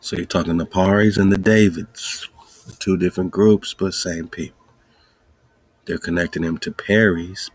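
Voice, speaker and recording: Podcast host, male, husky low voice, slow, rhetorical-question style. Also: no echo. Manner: rhetorical questions, excited musing. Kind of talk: casual monologue.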